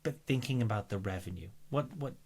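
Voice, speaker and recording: Male podcast host, conversational interviewer, halting delivery with frequent restarts. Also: on the low side, lively intonation, darkish tone, slightly rough. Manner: halting, repeats words while finding his phrasing. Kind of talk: interview questions, casual chat.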